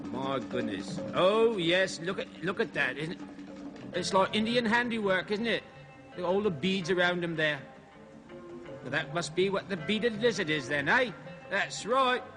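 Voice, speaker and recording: A man's voice: sits high, lively intonation, normal speed. An actor playing a jolly male explorer narrating his animal film, chatty and marvelling as he talks to the lizards. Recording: music playing under old TV film.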